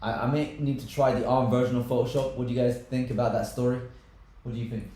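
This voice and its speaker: A man co-hosting a live tech stream, chatting casually and wryly as he tries out software. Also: medium pitch, fairly even intonation, fast talker. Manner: chatty, wry commentary on software trials. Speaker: tech show co-host. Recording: very echoey room.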